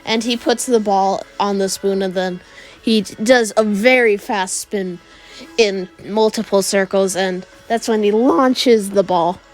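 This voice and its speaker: A woman spins a silly fan story off the cuff, rambling along with plenty of fillers. Her pace is slow and unhurried, and her pitch sits in a middle range. Soft music plays faintly behind her. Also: steady tone. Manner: rambling, with frequent fillers and giggles. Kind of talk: improvised comedic fan-fiction narration.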